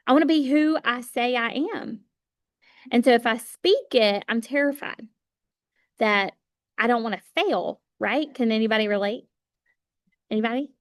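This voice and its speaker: A woman's voice: a little high, no echo, clean studio sound. A woman giving an emphatic motivational talk to her sales team, repeating phrases for effect.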